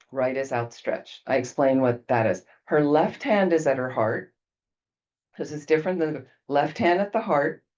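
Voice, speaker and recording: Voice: mid-range voice, darkish tone. A Buddhist retreat teacher talking a group through a detailed visualization, checking in with frequent "okay"s. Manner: peppers explanations with frequent "okay" check-ins. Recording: dull lo-fi recording.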